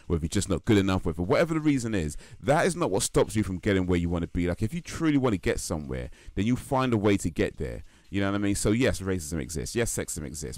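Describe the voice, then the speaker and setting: Streamer, young man from Belgium, very low voice, rapid earnest talk, lots of restarts. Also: darkish tone, no echo. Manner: earnest, repetitive, restarts and "you know" often. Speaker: livestream host. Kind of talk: casual opinion talk on a livestream.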